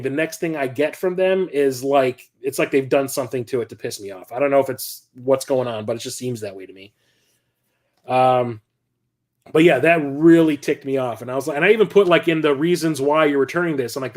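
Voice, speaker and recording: Excitable rambling man with a higher voice. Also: brisk. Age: middle-aged. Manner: rambling, excitable, swears casually. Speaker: collector vlogger. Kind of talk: casual unscripted chat.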